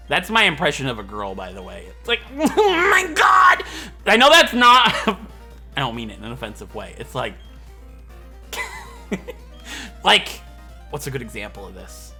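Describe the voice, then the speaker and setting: Young male let's-play host, bright lively voice, rambling jokes. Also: mid-range voice. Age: 20s. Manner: rambling, joking, laughs a lot. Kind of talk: gameplay commentary.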